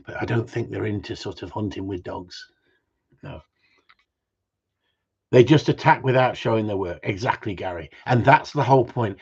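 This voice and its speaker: A man's voice: medium pitch, breathy edge, lo-fi sound. A man who trains gundogs, chatting on a casual livestream in a blunt, ranting way with mild swearing.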